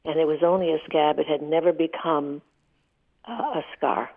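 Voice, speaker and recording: Gravelly low-voiced woman in her eighties. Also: fairly even intonation, moderate pace. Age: 80s. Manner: heartfelt, vivid storyteller. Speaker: guest. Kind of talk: emotional storytelling in a radio interview. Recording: tinny phone line.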